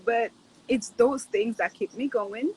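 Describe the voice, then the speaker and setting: Earnest and reflective, this thirtysomething female guest chats warmly and casually, repeating phrases and frequently tossing in "right?". She speaks a little slowly in a higher, slightly mellow voice, and the poor audio carries slight background noise.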